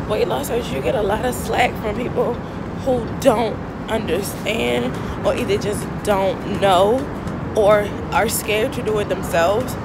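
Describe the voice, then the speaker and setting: A woman's voice: mid-range voice, creaky. A young woman chatting expressively in a casual video diary while in a car, speaking into a phone camera. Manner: chatty and expressive, swings from quiet to loud and joyful. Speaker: vlogger.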